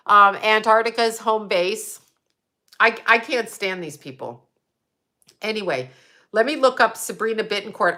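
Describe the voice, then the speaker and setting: A woman's voice: medium pitch, bright, forceful tone. A woman hosting a show, ranting bluntly and profanely in an agitated, casual way. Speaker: host.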